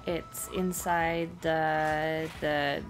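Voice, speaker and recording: A woman's voice: low-pitched, little pitch movement, drawn-out words, faint music behind. A woman co-hosting a let's play, chatting curiously and giggling while she watches. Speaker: co-host watching a game. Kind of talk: casual chat during a let's play.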